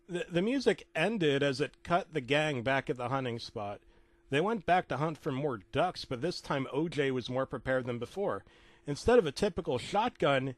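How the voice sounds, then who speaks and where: A man narrates a comic horror story in a mid-range voice, dropping rambling deadpan asides and tripping into restarts. His sound is close and dry, with no room echo. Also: mid-range voice, fairly quick. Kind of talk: comedic creepypasta narration.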